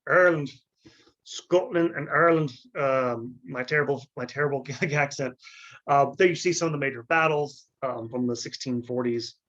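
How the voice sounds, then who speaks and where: A man giving an unscripted history lecture, halting and full of fillers and restarts, often clearing his throat. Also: medium pitch, a bit bright, dull audio.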